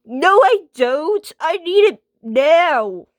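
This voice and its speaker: A woman's voice: high voice, big pitch swings, very slow, dry recording, clean studio sound, voice pushed up, full character voice. A woman voicing a stubborn, whiny female washing machine in a homemade skit, defiant and slangy.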